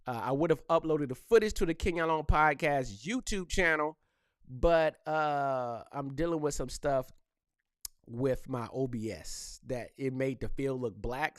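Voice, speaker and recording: Animated man ranting on his podcast. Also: medium pitch, dry recording, clean studio sound. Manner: animated, joking trash talk with frequent laughs. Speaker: podcast host. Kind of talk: casual solo podcast rant.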